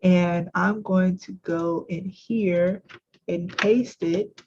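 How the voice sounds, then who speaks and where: Slow, chatty woman trainer. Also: lowish voice, fairly even intonation, a little mellow, breathy edge, muffled recording. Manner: chatty, self-correcting, many fillers. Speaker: software trainer. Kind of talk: screen-share tutorial.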